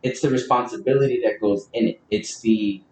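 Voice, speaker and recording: A man's voice: lowish voice, fairly quick, a little mellow. Profane, blunt man in an echoey room. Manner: blunt, profane, laughing banter. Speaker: podcast co-host. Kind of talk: casual podcast chat. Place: room with a live video stream. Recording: echoey room, mic at a distance, faint hiss.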